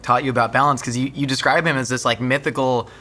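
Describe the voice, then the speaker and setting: Bright-voiced man hosting a casual interview. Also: mid-range voice, fairly even intonation, quick pace. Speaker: host.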